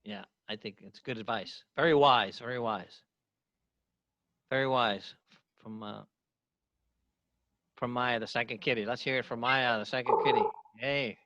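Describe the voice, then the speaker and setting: A man hosting an online open mic over a video call, talking in a halting, unhurried way with pauses and restarts. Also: mid-range voice, fairly even intonation, a bit bright, no room sound, dull audio. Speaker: open mic host and musician. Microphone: computer mic on a video call.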